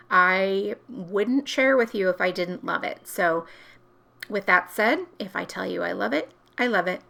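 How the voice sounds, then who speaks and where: Bright, gravelly-voiced woman crafting vlogger. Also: mid-range voice. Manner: chatty, self-correcting, explains as she works. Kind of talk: casual crafting tutorial.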